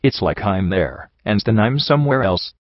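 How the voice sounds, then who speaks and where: A man's voice: on the low side, expressive, moderate pace, no echo, lo-fi sound. A man voicing Rampage, a scared little filly. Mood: frightened. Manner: timid and shaky. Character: small, frightened, confused filly.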